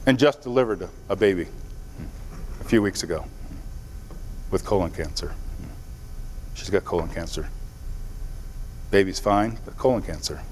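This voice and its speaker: Long hall reverb and slight background noise surround a motivational speaker's fairly low voice. He gives an earnest speech to a live audience, telling stories and speaking directly to the people in front of him.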